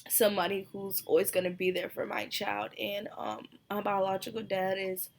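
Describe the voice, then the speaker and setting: A young adult woman from the United States talking candidly to her viewers in a personal vlog, pausing and sighing often. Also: mid-range voice, level tone, creaky. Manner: emotional, candid, sighs and hesitates. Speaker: vlogger.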